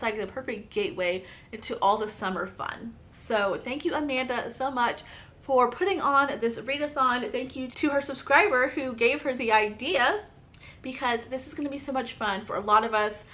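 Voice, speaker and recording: Chatty southern gal talking books to the camera, kinda high voice, lots of "you guys". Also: female voice, moderate pace, a bit bright. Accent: light Southern US. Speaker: book channel host. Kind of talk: casual chat to camera.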